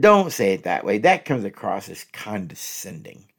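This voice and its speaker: Animated husky male counselor. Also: fairly low pitch, a little slow. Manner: animated, repeats each example phrase twice. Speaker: relationship counselor. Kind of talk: advice talk with spoken examples.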